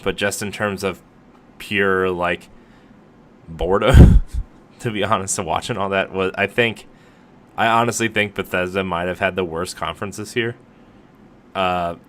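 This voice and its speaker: A man's voice: fairly low pitch, fairly bright tone. A man co-hosting a podcast in casual chat, rambling and joking with plenty of filler words. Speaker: podcast co-host.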